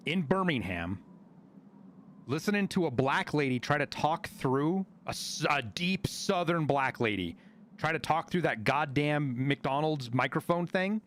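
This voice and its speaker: A man from Montana, a streamer telling stories in casual chat, animated and full of swearing. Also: a little high, measured pace, slight background noise. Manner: profane, animated storyteller.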